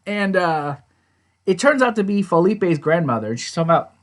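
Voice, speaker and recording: A man's voice: sits high, very animated, fast. A man casually recapping and reviewing a TV episode, rambling along with lots of "you know" and "like".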